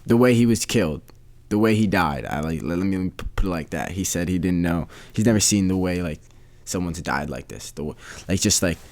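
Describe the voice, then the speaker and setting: A man's voice: deep voice, fairly quick, a little mellow. A man hosting a casual solo podcast, rambling and repeating himself in disbelief. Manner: rambling, repeats phrases, incredulous. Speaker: podcast host.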